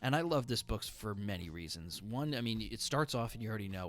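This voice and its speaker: A man's voice: on the low side, lively intonation, fairly quick. A man casually reviewing books he has read, chatty and enthusiastic, with many fillers. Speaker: book reviewer.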